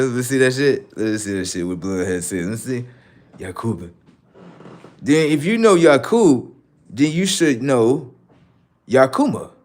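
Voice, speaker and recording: A man's voice: medium pitch, a little mellow. A man hosting a livestream, talking in heated banter with a mocking, argumentative, slang-heavy manner and heavy swearing. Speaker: livestream host.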